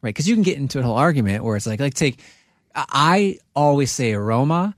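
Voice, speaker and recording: A mid-pitched man co-hosting a casual chat, lively in his pitch. He pushes back on his co-hosts and laughs easily. The recording is dry and close. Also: a little fast, no room sound. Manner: argumentative, laughing. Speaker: co-host.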